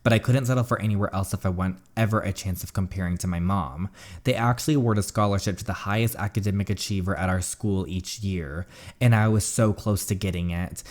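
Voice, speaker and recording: A man reading the lines of an ambitious teenage girl in a story game in a plain, steady voice. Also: low voice, brisk, natural voice. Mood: earnest.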